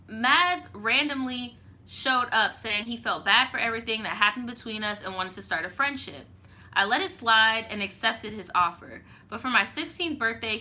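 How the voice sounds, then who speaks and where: Chatty young woman with a bright voice. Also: fairly high pitch. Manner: casual, chatty, reacts aloud with slang and laughter. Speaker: storytime YouTuber. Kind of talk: live stream reading viewer stories.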